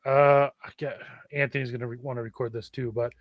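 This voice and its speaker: A man joining a talk show as a remote guest on a video call, speaking in slow, measured, hesitant phrases. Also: medium pitch, flat delivery, dry recording, dull audio.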